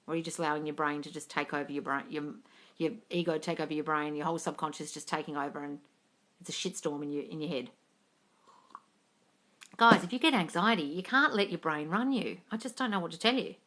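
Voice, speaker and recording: A woman's voice: low voice, fast talker, fairly bright tone. A woman coach answering viewer questions on a live stream, blunt and sweary, calling people darling.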